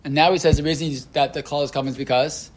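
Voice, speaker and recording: A man's voice: fairly high pitch, fairly even intonation, fast. A man teaching an informal class on a religious text, talking in a loose, conversational way with many fillers and restarts, and often asking his students questions.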